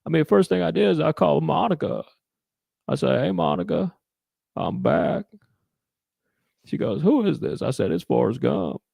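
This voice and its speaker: A man doing a comic impression of a simple-minded Southern man with presidential airs, slow and drawling. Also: a little high, big pitch swings, gravelly, dark tone, breathy edge, no echo, full character voice. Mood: boastful. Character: dim-witted Southern man mashed up with a president.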